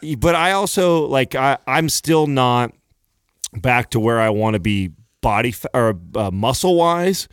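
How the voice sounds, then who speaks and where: A man's voice: mid-range voice, expressive, a little slow, smooth, no room sound, clean studio sound. Blunt, profane man in casual chat. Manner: blunt, profane, easily irritated. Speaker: podcast co-host.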